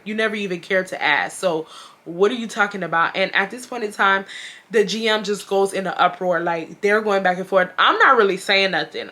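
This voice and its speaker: A young woman from Houston, Texas spills a personal storytime straight to camera. Her voice is bright and forward, and she talks in a blunt, cursing, animated way, piling on repeats for emphasis. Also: lowish voice. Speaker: storytime vlogger.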